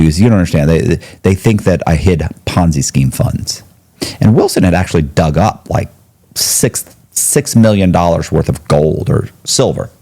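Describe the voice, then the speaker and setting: Low, dark-voiced man telling a story. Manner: animated, jumps to high pitch when quoting others. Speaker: podcast guest. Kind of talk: casual storytelling. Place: podcast studio.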